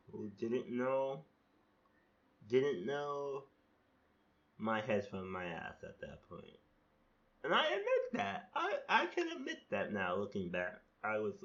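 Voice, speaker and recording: A man's voice: low voice, highs cut off. A man hosting a podcast, talking casually and critically about his past self, rambling with restarts and casual swearing. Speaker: podcast host reflecting on his own poems. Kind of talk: casual reflective monologue.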